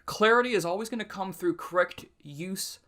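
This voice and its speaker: A library writing group instructor giving an instructional video talk, explaining clearly and reading example sentences slowly and dramatically. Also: mid-range voice, fairly bright tone. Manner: sounds out consonants and syllables aloud.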